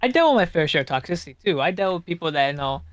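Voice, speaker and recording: A man's voice: fairly high pitch, big pitch swings, very fast, no room sound. A man who is a guest streamer on a podcast, chatting casually and repeating phrases as he rambles. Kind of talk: casual chat.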